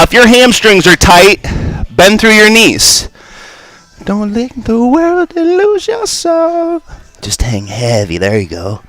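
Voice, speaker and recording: Bright-voiced guy teaching yoga, calm cues, lots of "right?", dry close sound. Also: on the high side, dry recording. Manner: calm cueing with frequent "right?" and "good". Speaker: yoga instructor. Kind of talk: guiding a live yoga class. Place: yoga studio.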